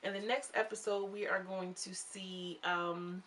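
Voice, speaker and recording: Gossipy woman doing a show recap, bright punchy voice, kinda far from the mic. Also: medium pitch, steady tone, measured pace. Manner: gossipy, chatty, slangy, acts out quotes. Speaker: reality show reviewer. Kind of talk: casual recap vlog.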